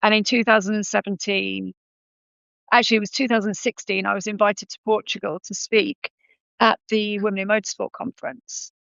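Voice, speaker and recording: A woman's voice: medium pitch, level tone, moderate pace, gravelly, fairly bright tone, dry recording, dull audio. A woman in her thirties, a podcast guest, telling her story in a conversational way with frequent ums and self-corrections.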